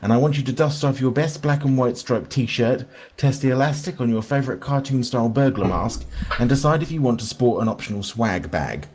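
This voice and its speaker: A man's voice: mid-range voice, fairly quick, a little mellow, slight background noise. A man co-hosting a fan podcast, joking in a playful, theatrical way. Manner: jokey, theatrical. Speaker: podcast co-host.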